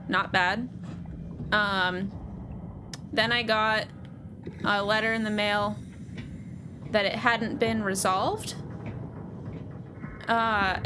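Chatty, rambling woman streamer. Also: medium pitch. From United States. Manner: chatty, rambling, laughs a lot. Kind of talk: casual live gaming chat.

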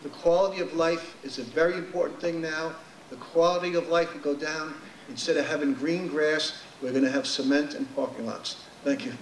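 A man's voice: fairly high pitch, steady tone, a little fast, recorded from a distance, noisy background. A man giving a blunt, emphatic public comment, a little nervous at first. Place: legislature chamber. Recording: echoey chamber, speaker off-mic.

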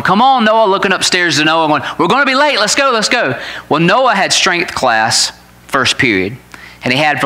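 Bright-voiced pastor telling a story. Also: male voice, medium pitch. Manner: animated, laughing at his own story. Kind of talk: sermon storytelling.

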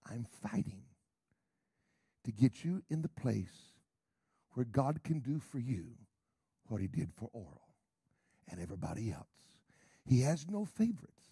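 An emphatic middle-aged man preaches a sermon in a gravelly, husky voice. His pitch swings widely as he repeats questions and moves from hushed asides to loud calls. The sound is dry and close. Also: no room sound.

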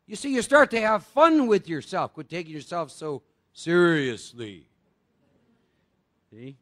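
A man's voice: sits high, big pitch swings, unhurried, pauses often, fairly bright tone. A man speaking at a live recovery workshop, chatty and quizzing his audience with rhetorical questions.

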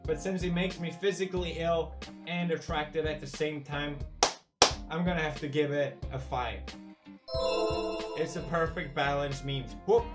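A man hosting a comedic meme-rating show, goofy and animated, swinging from mumbling to shouting. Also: on the high side. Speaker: YouTuber host.

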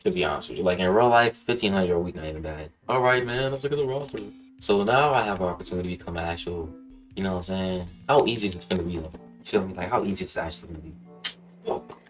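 A young man with a fairly low voice rambles through a wrestling game, swearing freely and tacking "bro" onto nearly every line. His casual commentary swings from laid-back muttering to excited outbursts, with faint music playing underneath. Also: quick pace. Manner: excitable, profane, rambling, says "bro" constantly. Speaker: gaming channel host.

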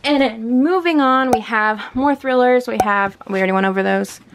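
Gushing young woman with a gravelly edge. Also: a little high, moderate pace, background noise. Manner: gushing and chatty, often laughs. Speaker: book vlogger. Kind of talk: casual vlog chat. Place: home room by a bookshelf.

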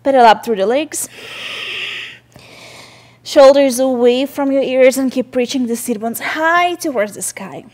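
A woman leading a mother-and-baby yoga class, giving gentle, encouraging cues and cooing to her baby between poses. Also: high voice. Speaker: yoga instructor. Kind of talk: guided yoga class instruction.

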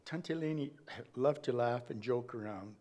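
Man, eulogy, church, read from notes, measured delivery, mid-pitched. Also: warm tone. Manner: measured, reading aloud with small slips and restarts. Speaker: family member giving a eulogy.

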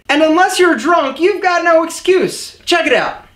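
A man hosting an advice vlog as an image consultant, jokey and energetic as he coaches his viewers. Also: very high voice, measured pace, echoey room.

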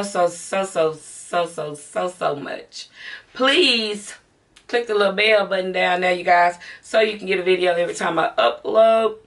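Her voice lowish and a bit bright, a middle-aged beauty vlogger with a Southern American accent talks directly to "y'all" in a chatty home haul video. The mic sits at a distance.

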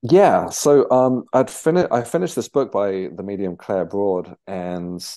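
Guest: young man, deep and mellow, halting storyteller who keeps restarting. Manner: halting, with frequent restarts and fillers. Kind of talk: conversational storytelling.

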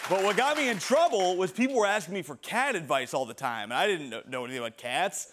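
A man's voice: high-pitched, sing-song, fast, fairly bright tone, some chatter behind. A young man performing a stand-up comedy set on a TV studio stage, with a dry, offhand punchline delivery. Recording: stage mic with live audience. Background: audience laughter.

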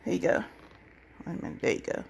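A woman chatting casually and excitably to her viewers about her coupon deals. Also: fast. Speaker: couponing vlogger. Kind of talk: casual deal-hunting vlog.

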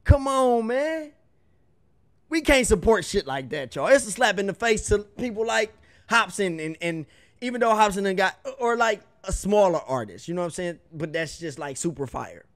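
A man's voice: high-pitched, sing-song, moderate pace. A young man hosting a music reaction video, ranting casually in slang and swearing in exasperation. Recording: faint music behind the voice.

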